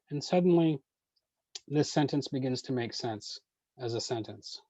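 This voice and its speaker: A man leading an online poetry workshop, answering questions in a measured way with frequent ums and uhs. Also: fairly high pitch, dark tone, dry recording, muffled recording.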